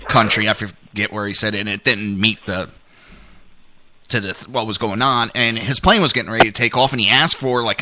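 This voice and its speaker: A man's voice: lowish voice, bright, forceful tone. A man co-hosting a casual political podcast, a rambling storyteller who laughs at his own jokes. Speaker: podcast co-host.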